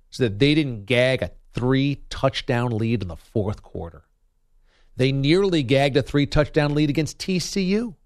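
A man's voice: mid-range voice, dry recording, studio quality. A man giving opinionated sports commentary as a radio host, emphatic and argumentative, hammering points with punchy repetition.

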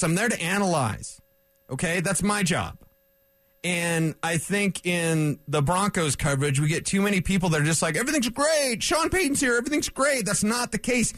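Animated, blunt sports radio man. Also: fairly high pitch, no echo. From rural area. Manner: blunt, animated, mocking impressions. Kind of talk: solo sports talk rant.

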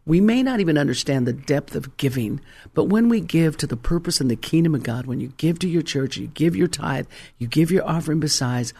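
A middle-aged male pastor preaching a sermon, telling a story with dramatic swings between hushed and loud delivery. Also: fairly high pitch, expressive, a little fast, husky.

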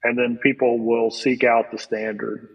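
A man's voice: mid-range voice, flat delivery, normal speed, gravelly, husky, rough recording. A man talking as an interview guest, earnest and storytelling, repeating his key points for emphasis. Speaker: guest, company CEO and author. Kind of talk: interview conversation.

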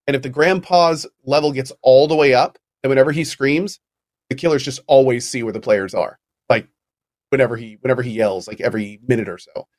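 A man's voice: mid-range voice, fairly quick, dry recording, studio quality. A man co-hosting a gaming podcast, explaining a game at length in casual chat, with fillers and restarts. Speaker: podcast co-host.

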